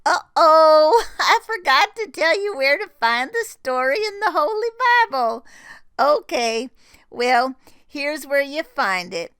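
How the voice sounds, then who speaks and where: A woman's voice: high voice, sing-song, unhurried. An older woman hosting a children's Bible story show, telling it in a chatty, rambling, homespun way with plenty of fillers. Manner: chatty, rambling, homespun, warm toward kids. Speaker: storytelling host.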